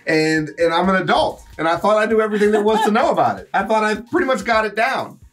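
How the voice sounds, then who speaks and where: A man's voice: sits high, animated, fast talker, faint music behind. Man hosting a casual reaction chat. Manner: loose, profane storytelling. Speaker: gaming channel host.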